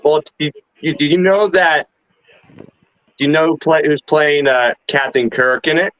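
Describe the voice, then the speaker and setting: A man co-hosting a casual chat, eager and halting, often restarting his sentences. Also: fairly high pitch, fairly even intonation, no echo. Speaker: co-host. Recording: dry dull lo-fi audio.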